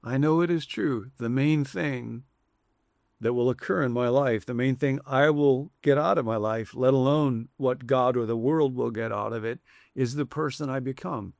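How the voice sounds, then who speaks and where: A man delivers a conversational sermon in a gravelly, mid-pitched voice. He preaches in a reflective way with shifting emphasis, recorded dry and close. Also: normal speed, darkish tone, no room sound. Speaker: pastor.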